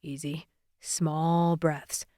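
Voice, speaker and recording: A steady, unflappable firefighter , voiced by a woman reading an audiobook, speaks low and quietly. His calm never wavers, and the sound is dry and close. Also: fairly quick, no room sound, natural voice. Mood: gentle.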